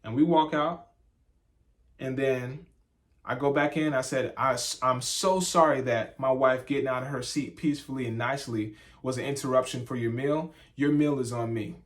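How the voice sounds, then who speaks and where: Animated young man telling a story. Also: medium pitch, moderate pace. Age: young adult. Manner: animated storyteller, acts out voices in quotes. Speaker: vlogger, husband. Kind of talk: casual sit-down chat.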